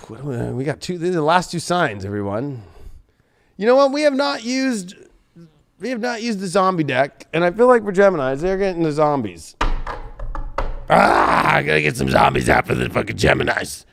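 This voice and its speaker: A man's voice: a little high, big pitch swings, normal speed, vocal fry, fairly bright tone, a little hiss or hum. A man giving a live tarot reading from a studio, blunt and rambling, swearing often. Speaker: tarot reader.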